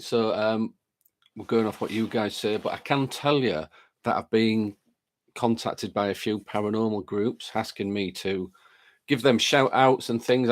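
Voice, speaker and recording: A man hosting a live stream, chatting casually and greeting viewers by name while reading their comments aloud, with a lingering chest cold. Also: fairly low pitch.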